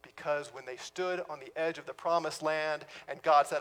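A man, a pastor, preaching a sermon with dramatic pauses and sudden drops to a hush. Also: a little high, steady tone, in a large hall.

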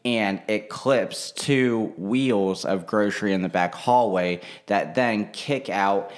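A young man chatting casually, telling a work story in an animated, profane way and acting out what people said. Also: lowish voice, slow. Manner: animated, swears freely, slips into quoting people.

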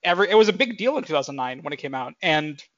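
Racing along in a sing-song way, this twenty-something podcast co-host has a fairly high, fairly bright voice. His casual chat is rambling, heavy with fillers and self-corrections. Sound comes from a dry, dull podcast mic.

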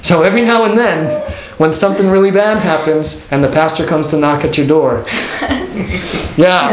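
A man who is a pastor teaching an informal catechism class, talking conversationally, joking and acting out the people he quotes. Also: on the high side. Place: church classroom. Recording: echoey room with faint noise.

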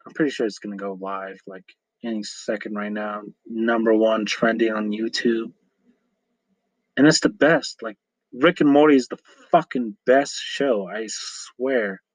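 A man's voice: on the low side, unhurried, dry recording, rough recording. A man hosting a casual solo podcast on a phone mic, rambling, swearing freely and laughing often. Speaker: podcast host. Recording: dry phone recording.

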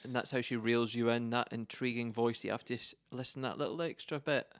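A man co-hosting a podcast in casual chat, relaxed and giggly, often restarting his sentences. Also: medium pitch, a little fast, no room sound, clean studio sound. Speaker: podcast co-host.

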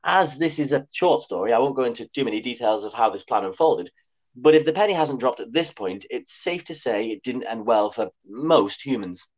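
A man's voice: mid-range voice, lively intonation, normal speed. A man reading his own comic story aloud with dry, wry asides. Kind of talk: comic scripted narration.

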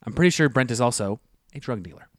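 A man co-hosting a casual podcast, telling stories full of swearing and loud laughs, acting out the people in them. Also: mid-range voice, animated, fast, no echo, studio quality. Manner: swearing storyteller, acts out voices, laughs loudly. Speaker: podcast co-host.

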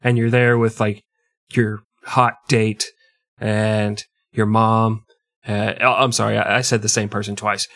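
A man's voice: on the low side, little pitch movement, unhurried, fairly bright tone, dry recording. A young man co-hosting a comedic history podcast, telling the story with crude jokes and frequent laughs. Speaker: podcast co-host. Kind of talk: casual comedic history chat.

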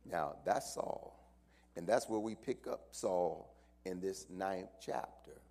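A male preacher delivering a sermon and addressing his congregation directly, swinging dramatically between loud cries and near-whispers. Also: sits low, slow, vocal fry.

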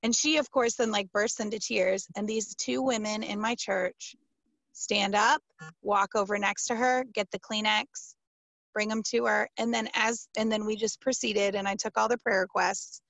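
A woman pastor answering interview questions, telling a story in an animated, emphatic, casual way with many fillers. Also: mid-range voice, moderate pace, gravelly, no room sound.

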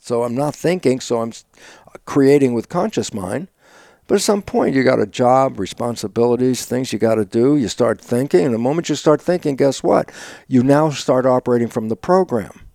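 An older man, an interview guest, telling stories with lively acted-out dialogue, sudden loud bursts and frequent laughs. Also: medium pitch, normal speed, vocal fry, no echo, clean studio sound. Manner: laughs often while talking. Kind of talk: animated conversational storytelling.

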